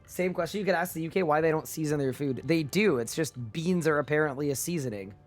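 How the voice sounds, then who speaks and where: A man's voice: a little high, fast talker. Male streamer, casual live chat, playful incredulous banter, faint music behind. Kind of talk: casual livestream chat with viewers.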